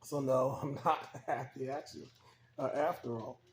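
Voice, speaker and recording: A man's voice: medium pitch, fairly even intonation, moderate pace, echoey room, a little hiss or hum, close to an everyday voice. A man voicing a weary, caged male peacock in a spoken story, rueful and resigned.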